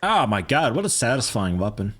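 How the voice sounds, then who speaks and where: A man's voice: medium pitch, sing-song, fairly quick, fairly bright tone, a little hiss or hum. A man streaming a game, chatting casually and joking with his viewers in a rambling way. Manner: rambling, joking asides to chat. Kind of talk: casual gameplay commentary.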